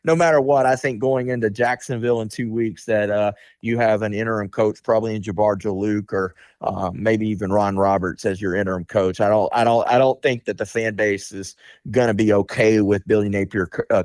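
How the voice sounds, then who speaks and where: A man speaking as a guest insider on a radio sports talk interview, candid and blunt, often filling pauses with "you know" and "um". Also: fairly low pitch, fairly even intonation, dry recording.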